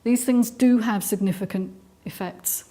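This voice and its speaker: Her voice leans high and mellow, and she keeps a measured pace. She is a middle-aged woman from England with an English accent, explaining trauma earnestly to a live audience while frequently stumbling into ums and fresh starts.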